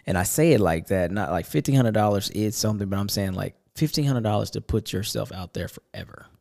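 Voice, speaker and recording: Gravelly deep-voiced man, laid-back. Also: animated, fairly quick, a little mellow. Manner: laid-back, swears freely, laughs often. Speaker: podcast co-host. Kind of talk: casual chat. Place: studio.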